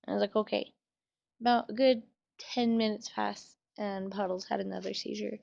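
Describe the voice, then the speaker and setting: A young woman speaks in a flat, gravelly voice, close to tears as she talks casually to the camera and swears. The recording sounds dull and lo-fi, like a home webcam. Her delivery is loose and full of fillers. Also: mid-range voice, normal speed. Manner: emotional, trying to hold back tears. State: tearful. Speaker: vlogger. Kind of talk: personal storytelling vlog.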